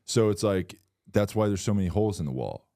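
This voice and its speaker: A man co-hosting a comedy podcast, talking in a sardonic, deadpan way and reading an article aloud. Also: on the low side, fairly quick, dry recording, studio quality. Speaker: podcast co-host.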